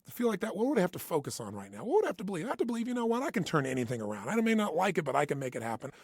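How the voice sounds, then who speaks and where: A man's voice: high-pitched, huge pitch swings, racing, dry recording, clean studio sound. A man giving an intense, emphatic motivational talk, hammering points with punchy repetition. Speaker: motivational speaker. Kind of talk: motivational self-help talk.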